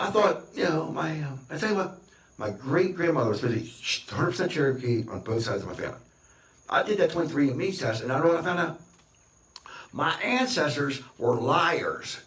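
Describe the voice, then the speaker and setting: A man's voice: a little high, fairly bright tone. A man talking to camera in a rambling, boastful, repetitive rant. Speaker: vlogger. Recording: roomy, distant from the mic.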